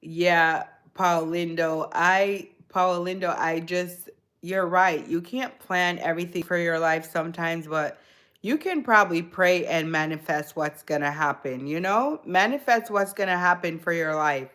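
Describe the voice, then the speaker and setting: Chatty lower-voiced woman host. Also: unhurried, a bit bright. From born in Jamaica, raised in the United States. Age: adult mother. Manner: chatty, talks straight to viewers by name, restarts words. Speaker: livestream host chatting with viewers. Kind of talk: casual live chat.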